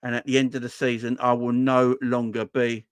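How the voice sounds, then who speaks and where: A man hosting a late-night football fan livestream from home, ranting loudly and swearing freely. He repeats his points over and over. His voice sits at a middling pitch and sounds close and dry, with no room around it. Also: moderate pace, clean tone, dry recording. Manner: swears freely, loud and animated, repeats himself. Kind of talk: casual ranting livestream chat. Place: home at night, kids asleep.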